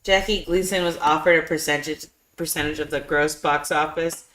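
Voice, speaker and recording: A woman's voice: low-pitched, steady tone, moderate pace, a bit bright. A woman co-hosting a casual livestream movie chat, throwing in wry, profane quips. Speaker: livestream movie podcast co-host.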